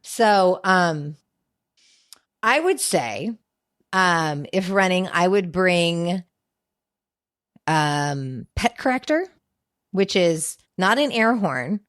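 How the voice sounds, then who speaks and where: A dog trainer appears as a guest on a casual podcast, speaking in a lowish voice with drawn-out words and long pauses, recorded in studio quality with no room sound. She tells stories animatedly, says "like" a lot, and acts out what people said.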